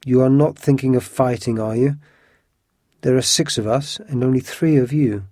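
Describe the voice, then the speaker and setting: A man's voice: mid-range voice, normal speed, mellow, no room sound, clean studio sound, natural voice. A man voicing a proud, scornful veteran swordsman who leads a band of armed men in a storybook reading.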